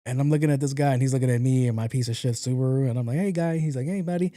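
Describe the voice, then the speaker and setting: A man's voice: medium pitch, rapid-fire, dry recording, clean studio sound. A man hosting a podcast, telling a story casually, acting out the lines of people in it, with some swearing. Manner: animated, acts out quotes, profane. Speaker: podcast host.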